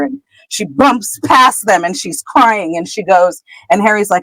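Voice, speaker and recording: A woman's voice: mid-range voice, expressive, unhurried, hardly any pauses, a bit bright, no echo, rough recording. A woman co-hosting a podcast, chattily retelling a chapter, laughing often and trailing off with "whatever.". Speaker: podcast co-host. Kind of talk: casual chapter recap.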